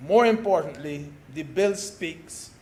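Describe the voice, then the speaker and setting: Slow, deliberate high-voiced male senator. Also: a little mellow. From Barbados. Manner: slow, deliberate, stresses key words. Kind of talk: parliamentary speech. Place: senate chamber.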